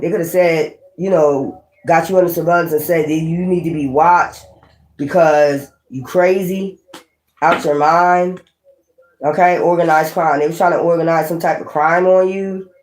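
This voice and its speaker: A woman's voice: on the low side, fairly even intonation, normal speed. A woman giving a blunt, chatty tarot reading. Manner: blunt and chatty, with swearing and laughs. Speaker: tarot reader. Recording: echoey room.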